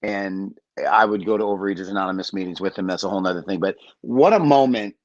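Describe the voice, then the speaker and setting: Animated storytelling man, low voice. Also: quick pace, no room sound, dull audio. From Michigan. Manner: animated storyteller, acts out quotes, swears freely. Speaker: guest. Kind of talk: storytelling on a sports podcast.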